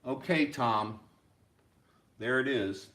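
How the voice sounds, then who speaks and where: A man teaching a rhythm lesson as a music teacher, chanting rhythm syllables over and over in a steady beat. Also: medium pitch, slow. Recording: echoey room.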